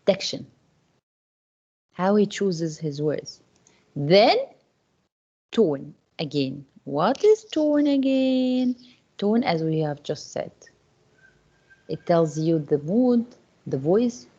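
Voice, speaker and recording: A woman's voice: low voice, lively intonation, slow, long pauses, dark tone, breathy edge, highs cut off. A woman English teacher teaches an online class, repeating questions to her students with many fillers and restarts.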